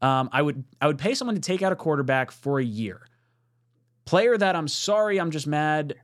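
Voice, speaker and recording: A man hosting a casual sports talk show, his pitch swinging up and down as he gets excited. He reads viewer messages, jokes, and swears casually. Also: normal speed. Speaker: podcast host reading super chats.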